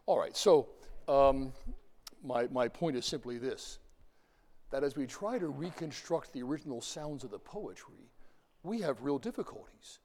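A man's voice: medium pitch, animated, normal speed, a little mellow. A man giving an informal lecture, talking in a rambling way with fillers and repeated words. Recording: long hall reverb.

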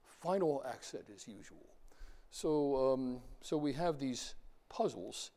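A man's voice: mid-range voice, lively intonation, slow pace, warm tone. A man giving an informal lecture, talking in a rambling way with fillers and repeated words. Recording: long hall reverb.

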